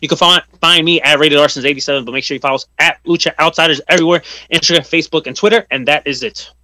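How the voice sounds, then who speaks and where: A man's voice: fairly high pitch, racing, bright, forceful tone. A man hosting a podcast, announcing upcoming episodes and plugs in an upbeat, casual way. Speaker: podcast host.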